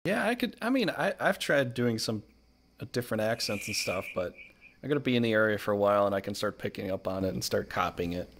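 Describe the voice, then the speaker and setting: A man's voice: on the low side, expressive, fast, fairly bright tone, a little hiss or hum. A man hosting a casual podcast chat, telling rambling stories with many fillers. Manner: rambling, filler-heavy storytelling. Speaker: podcast host.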